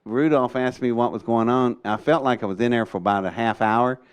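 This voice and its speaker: An older man, telling a story in an animated way and acting out the voices in his quotes. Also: mid-range voice, a little fast, clean tone. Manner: acts out voices in quotes, excitable, laughs often. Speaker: storyteller recounting an experience.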